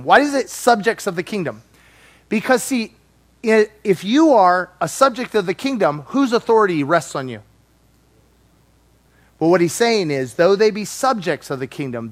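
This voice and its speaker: Male preacher, high and very expressive, playful sermon delivery. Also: fairly quick. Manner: animated and playful, acting out voices.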